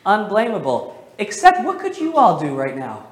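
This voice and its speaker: A male pastor preaching a sermon in a church, questioning the congregation and slowing down to stress key phrases. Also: high-pitched, huge pitch swings, slightly rough. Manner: emphatic, slows down on key phrases. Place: church sanctuary.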